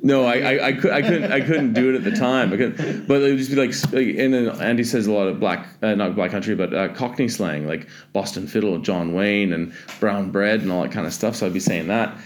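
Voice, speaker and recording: A man's voice: fairly low pitch, fairly quick, few pauses. A Canadian man telling travel stories in a casual chat, rambling, correcting himself, and swearing freely.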